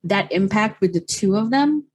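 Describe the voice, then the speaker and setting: A young woman hosting a casual podcast chat, animated and swearing, acting out quoted lines as she goes. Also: medium pitch, moderate pace, breathy edge. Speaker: podcast host.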